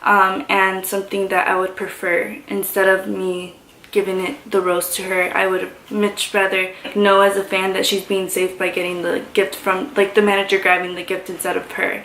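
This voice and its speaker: A woman vlogger telling a story in excited, gushing chatter full of fillers. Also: mid-range voice, moderate pace, a little hiss or hum. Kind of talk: casual story time. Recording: echoey room.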